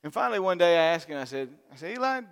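A middle-aged man preaching a sermon, swinging from loud, emphatic lines to soft, intimate asides. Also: fairly high pitch, lively intonation, very fast, clean tone. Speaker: pastor. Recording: long hall reverb.

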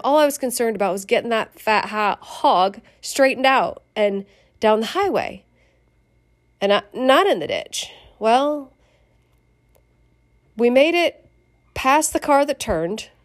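Animated, swearing woman storyteller. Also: fairly high pitch. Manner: swearing, animated, laughs while telling. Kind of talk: casual spoken memoir.

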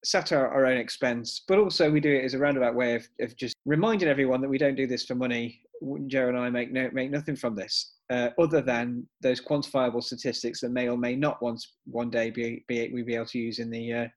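A man co-hosting a satirical podcast, talking in a dry, wry, deadpan way. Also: medium pitch, a little fast, hardly any pauses. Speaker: podcast co-host.

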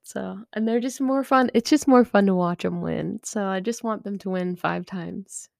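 A woman's voice: medium pitch, normal speed, vocal fry, darkish tone, no room sound, studio quality. A woman co-hosting a podcast in casual chat, laid-back and laughing easily. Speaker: podcast co-host.

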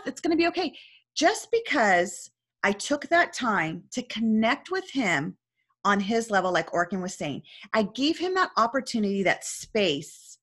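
A woman's voice: mid-range voice, fairly bright tone, husky. A woman coach talking earnestly in a casual discussion, telling a story and often checking in with "right?".

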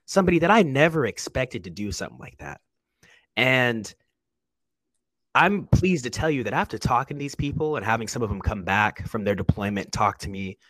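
A man's voice: fairly low pitch, fairly bright tone, dry recording. A soldier, a man, speaking candidly and emotionally in a conversation, earnest and emphatic, often restarting his sentences. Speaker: soldier guest.

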